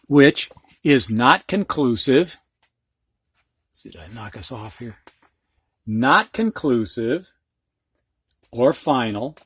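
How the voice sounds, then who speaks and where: A middle-aged man with a medium-pitched voice gives a reading lesson in an instructional video, recorded with no echo. He patiently spells out letters and guides learners through each step.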